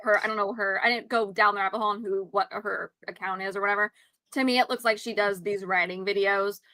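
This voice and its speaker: A woman's voice: medium pitch, fairly even intonation, fast, bright, forceful tone, no room sound. A woman co-hosting a casual chat show, talking in an emphatic, outspoken way and swearing freely. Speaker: podcast co-host.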